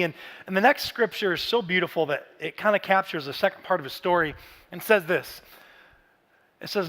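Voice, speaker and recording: High-voiced animated man preaching. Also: fairly quick. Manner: casual, animated storytelling with bursts of shouting. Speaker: pastor. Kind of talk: Father's Day sermon. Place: large church auditorium. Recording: church hall reverb.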